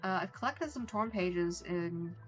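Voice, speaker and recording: Over soft background music, an Irish woman with a lowish voice talks unhurriedly through her gameplay as a streamer. She swears freely and pokes fun at herself.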